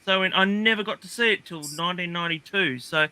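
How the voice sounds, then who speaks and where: Bright, high-voiced man chatting. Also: quick pace, smooth. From Australia. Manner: rambling, hesitant, many fillers and restarts. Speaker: guest. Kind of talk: casual chat. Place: livestream call.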